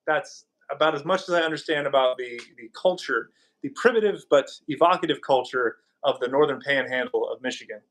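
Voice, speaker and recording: A man's voice: mid-range voice, fairly quick, fairly bright tone. Rambling, joking live-stream host, a man. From California. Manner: rambling and jokey, reacting to chat. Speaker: podcast host. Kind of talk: casual live-stream chat.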